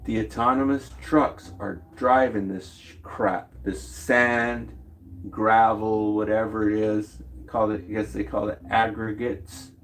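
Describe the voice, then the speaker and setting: Man, slow unhurried talk, meandering slangy livestream rambling. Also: fairly low pitch, little pitch movement, a little hiss or hum. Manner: slangy, meandering, loose profanity. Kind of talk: rambling casual livestream chat.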